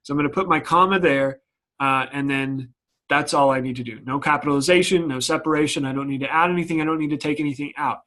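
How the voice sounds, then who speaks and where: A man's voice: on the high side, fast talker, pushed and bright. A young adult man teaching a grammar lesson, explaining step by step with frequent restarts and ums.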